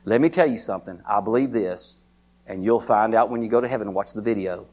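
A man preaching a sermon. His folksy delivery circles back on itself with repeated words and stray fillers. As he preaches he climbs to a high, excited pitch, calling out to his listeners by name. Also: fast talker.

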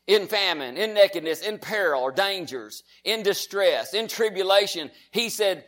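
A man preaching as a pastor, reading scripture slowly and with emphasis. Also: sits high, very animated, a bit bright. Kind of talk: sermon.

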